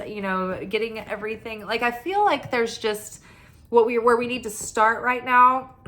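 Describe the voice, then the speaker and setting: A woman's voice: medium pitch, sharp tone. A woman giving a spiritual tarot reading, talking in a rambling, earnest way with many fillers. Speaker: tarot reader. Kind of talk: spiritual guidance talk.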